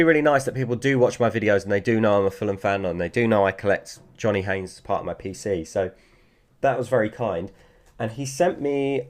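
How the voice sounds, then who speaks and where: Man, slightly low voice, chatty collector vlogger, loose and rambling delivery. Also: darkish tone. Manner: rambling, repeats words, hesitant fillers. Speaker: sports card collector vlogger. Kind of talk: casual chat.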